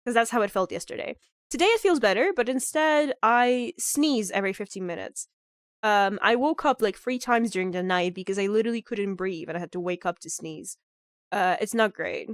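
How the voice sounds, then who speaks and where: A woman's voice: medium pitch, a little fast, no room sound, clean studio sound. A woman streaming a game in casual, rambling chat, sounding sick and nasal from a clogged nose. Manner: rambling, animated, heavy on "like" fillers.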